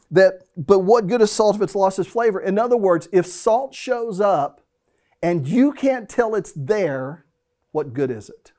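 High-voiced, mellow male pastor preaching. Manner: storytelling, animated, acts out family scenes. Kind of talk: sermon.

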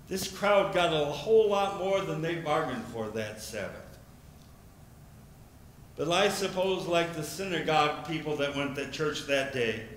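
Male pastor, sermon delivery, forceful bright tone, recorded in a reverberant sanctuary. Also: a little hiss or hum. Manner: storytelling, voices the crowd's questions with rising pitch. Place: church sanctuary. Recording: echoey church room.

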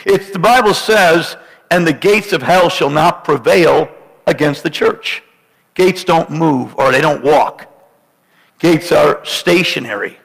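A man preaching a sermon with high, gravelly intensity, his bright, forceful delivery ringing through a church sanctuary with a long reverb. He builds emphatic, dramatic points and breaks them up with joking asides to the congregation. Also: slow. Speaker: pastor.

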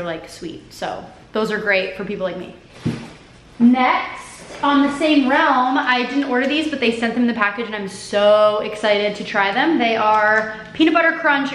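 A woman's voice: on the high side, fairly bright tone, slight background noise. Chatty woman vlogging from an echoey room. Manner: chatty, upbeat, rambling. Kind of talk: casual vlog chat. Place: home indoors.

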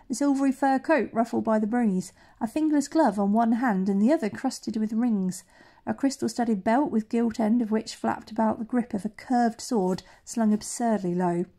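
A woman's voice: mid-range voice, mellow. A woman reading a novel aloud, with small slips and self-corrections. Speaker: audiobook reader. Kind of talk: amateur audiobook narration.

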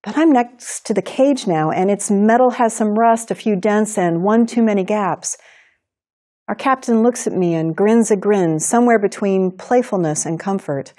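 A woman teaching writing in a recorded lecture, explaining in a clear, measured way. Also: medium pitch, dark tone. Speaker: writing instructor.

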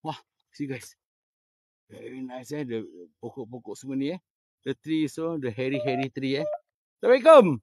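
A man hosting a ghost-hunting livestream outdoors in a cemetery at night, joking, laughing a lot and dropping into hushed whispers. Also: mid-range voice, steady tone, moderate pace, no room sound, clean studio sound. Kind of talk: casual livestream chat.

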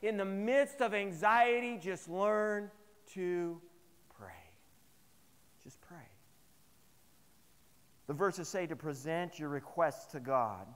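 A man preaching a sermon to his congregation, telling personal stories in an animated, humorous way. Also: high-pitched, takes it slowly, pauses often, clean tone, in a large hall. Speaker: pastor. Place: chapel service.

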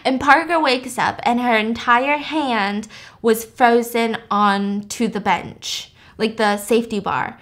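Chatty high-voiced woman podcaster. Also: slow pace, fairly bright tone. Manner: chatty, laughs often, acts out characters' lines. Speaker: podcast host recapping a movie. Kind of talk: casual storytelling chat.

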